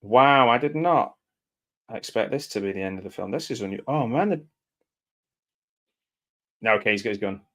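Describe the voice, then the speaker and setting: A man giving casual live commentary over a film, reacting aloud and often dropping into quiet mumbled asides. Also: lowish voice, animated, brisk, long pauses.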